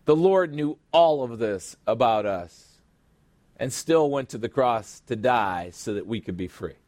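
A man's voice: medium pitch, animated, a little slow, darkish tone, dry recording. A middle-aged man pastor preaching a sermon, asking rhetorical questions and calling out for an amen.

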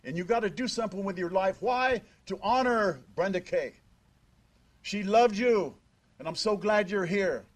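Older man with a high voice, giving a eulogy. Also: normal speed. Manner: emphatic, with rhetorical questions. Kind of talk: memorial speech. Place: memorial service in a church.

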